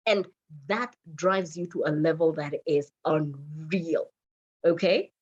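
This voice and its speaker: Kenyan woman giving a lively motivational talk. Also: low-pitched, takes it slowly, slightly rough, dull audio. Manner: lively, mixes in Swahili phrases. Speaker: radio manager and speaker.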